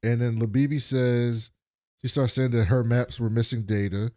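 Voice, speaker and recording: A man's voice: medium pitch, fairly even intonation, moderate pace, warm tone, no room sound, studio quality. A man co-hosting a podcast, animatedly retelling an episode and acting out the quotes in a casual chat. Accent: American. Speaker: podcast co-host.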